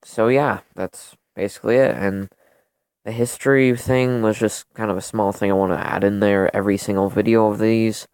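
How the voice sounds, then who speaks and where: A man's voice: on the low side, fairly even intonation, normal speed, darkish tone, clear, resonant tone, no room sound. A young man hosting a gaming channel, casually rambling through weapon stats with lots of fillers and self-corrections. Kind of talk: casual gun comparison commentary. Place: home room during a thunderstorm.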